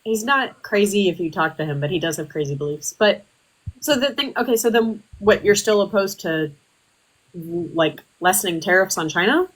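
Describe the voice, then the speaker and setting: A woman's voice: medium pitch, lively intonation, moderate pace, rough recording. A woman hosting a livestream, arguing politics casually with many ums and likes. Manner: rambling with many fillers. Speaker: livestream host.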